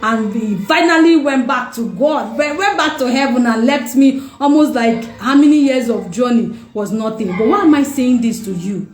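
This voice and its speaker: Woman, fairly high voice, heartfelt personal testimony, repeats lines for emphasis, echoey room. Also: normal speed, few pauses, darkish tone. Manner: emotional, repeats phrases for emphasis. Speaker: mother sharing her testimony.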